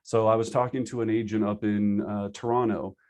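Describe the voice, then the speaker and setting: A man teaching a live online class for real estate agents over a video call, energetic and conversational, acting out his students' excuses. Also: lowish voice. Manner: acts out agents' excuses in quick asides. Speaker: real estate sales trainer.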